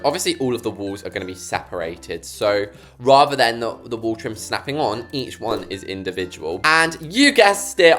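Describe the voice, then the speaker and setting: A man's voice: medium pitch, fairly bright tone. A man, chatting and joking with viewers while commentating his game building. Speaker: gaming YouTuber. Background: background music.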